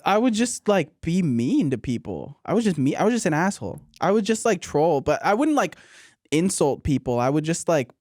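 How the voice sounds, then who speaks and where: A young man co-hosting a casual podcast in a studio, speaking haltingly with many fillers and restarts. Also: fairly high pitch, sing-song, a little mellow, no echo. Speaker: podcast co-host.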